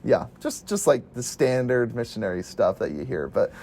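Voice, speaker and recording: A man's voice: mid-range voice, sing-song, normal speed, darkish tone, slight background noise. A man casually recounting his missionary days as an interview guest, chatty, laughing often and acting out the voices he quotes.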